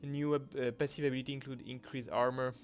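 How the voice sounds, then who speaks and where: A man commenting on his gameplay, reading patch notes aloud in non-native English phrasing and breaking into excited exclamations. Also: medium pitch, fast, slight background noise. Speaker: channel host. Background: background music.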